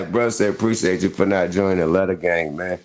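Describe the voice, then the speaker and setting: A man's voice: low voice, animated, measured pace, darkish tone. A middle-aged man hosting a casual commentary show, riffing loosely with slang and frequent laughs. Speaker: host.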